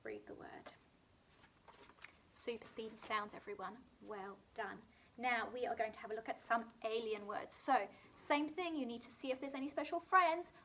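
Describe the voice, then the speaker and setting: A woman with a British accent teaching a phonics lesson to young children, sounding out words clearly and slowly. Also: on the high side, a little hiss or hum. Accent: British English. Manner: slow, clearly sounded-out words with bright emphasis. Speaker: primary school teacher.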